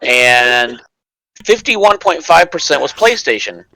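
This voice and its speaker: Bright, animated wisecracking man. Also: a little high, slow pace, vocal fry, poor audio. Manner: animated, wisecracking, laughs mid-sentence. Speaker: panelist. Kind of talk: casual online show chat.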